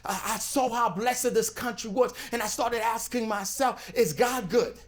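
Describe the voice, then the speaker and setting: High-voiced man telling an animated story. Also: moderate pace. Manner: animated, acts out dialogue, swings from loud to hushed. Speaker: speaker at a community event. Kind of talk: motivational storytelling speech.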